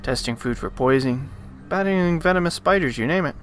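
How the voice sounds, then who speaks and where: A man hosting a let's play, reading a visual novel's narration aloud and breaking off into animated, joking rants. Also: a little high, moderate pace, faint music behind. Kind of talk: reading game text aloud with commentary.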